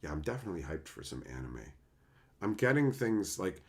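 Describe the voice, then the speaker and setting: A man chatting casually on a livestream and answering chat, animated and swearing freely in loose run-on asides. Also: low voice, a little fast. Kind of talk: casual live-stream chat.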